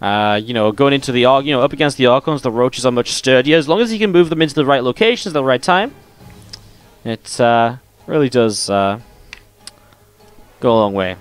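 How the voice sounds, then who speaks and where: A man's voice: medium pitch, animated, brisk, smooth, faint music behind. A man casting a live esports match, calling the play and chatting playfully with viewers between the action. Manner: jokey, playful with the audience. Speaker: esports caster and stream host. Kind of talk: live game commentary mixed with chat banter.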